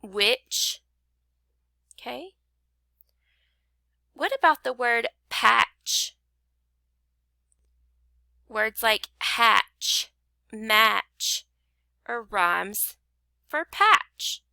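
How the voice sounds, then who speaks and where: Close, dry audio with no room sound captures a woman teaching phonics to young children. She moves unhurriedly and patiently, clapping each syllable, her bright, slightly high voice ending phrases in a heavy gravelly fry.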